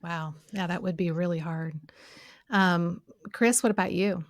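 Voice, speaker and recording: Woman host, interviewer, encouraging, slightly low, dry recording. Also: measured pace, no room sound. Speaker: podcast host. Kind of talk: interviewing guests.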